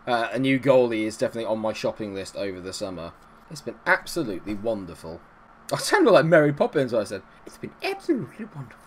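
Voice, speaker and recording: A man hosting a gaming channel, giving excitable, ranting commentary on his own game. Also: on the low side, fast talker, slight background noise.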